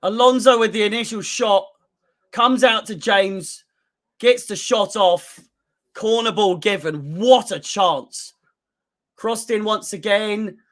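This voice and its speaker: A man with a very high, bright voice and an unhurried delivery hosts a live football watchalong for fellow fans. he calls each pass and shot as it happens and peppers his reactions with plenty of swearing. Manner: play-by-play calls mixed with heavy swearing. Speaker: fan channel host. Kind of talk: live match watchalong commentary.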